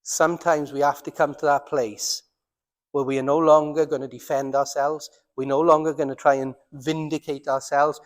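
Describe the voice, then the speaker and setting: A man with a Welsh accent preaching a sermon as pastor, earnest, slowing down and dropping his voice for emphasis. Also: medium pitch, big-room sound. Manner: earnest, slows down and drops to near silence for emphasis. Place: church.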